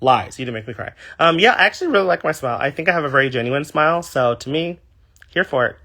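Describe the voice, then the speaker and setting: A young man from California talks to viewers on a livestream through his phone. His voice sits a little high and rings bright. His pitch swoops up and down with animated, chatty energy as he reads comments aloud. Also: quick pace. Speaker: drag performer. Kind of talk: casual livestream chat.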